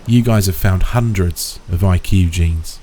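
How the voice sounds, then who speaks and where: A man's voice: low voice, measured pace, dark tone, slight background noise. A man voicing a wealthy, domineering middle-aged father who talks down to others with blunt contempt. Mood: scornful. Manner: blunt, bullying, dismissive.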